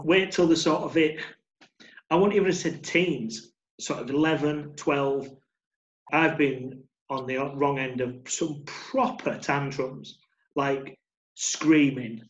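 Reflective man, roomy sound. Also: mid-range voice. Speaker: podcast co-host. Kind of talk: casual chat. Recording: roomy, dull-sounding mic.

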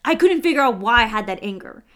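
A woman's voice: a little high, lively intonation, quick pace, a bit bright. A young American woman telling a personal story earnestly in a casual podcast conversation, full of "like" fillers. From United States. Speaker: guest.

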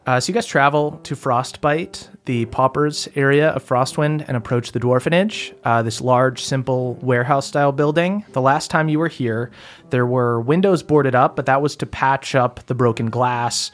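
A man running a tabletop game as game master, narrating scenes in a relaxed way with many fillers. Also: medium pitch, moderate pace.

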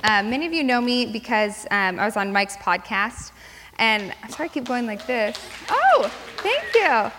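Woman, 30s, bright and fairly high-pitched, telling a personal story at church, casual with plenty of "um"s, long echo in a hall. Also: moderate pace, a little hiss or hum. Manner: chatty, many fillers, lively retelling. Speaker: church speaker. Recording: long reverb in a large hall.

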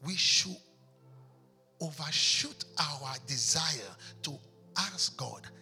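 A man's voice: on the high side, animated, extremely slow, vocal fry, long pauses, bright, forceful tone, soft background music. A pastor preaching an impassioned sermon in a church, driving his points home with rhetorical questions.

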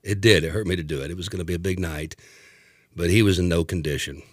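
A man telling a comic story in an animated way, acting out the voices of the people in it. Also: sits low, quick pace, no echo, clean studio sound. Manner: animated, acts out voices, laughs a lot.

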